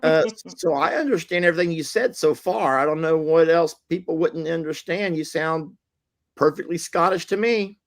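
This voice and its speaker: A man's voice: a little high, normal speed. A man hosting a casual live chat with callers, teasing them in a folksy way and laughing easily. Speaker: host.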